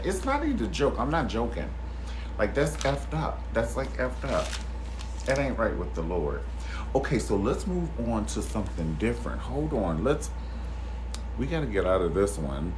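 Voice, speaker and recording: Male stream host, sassy and expressive, very lively pitch, casual gossip with his viewers. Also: background noise. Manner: sassy and expressive, calls listeners honey and baby; swears freely and laughs loudly. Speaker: host of a live chat stream.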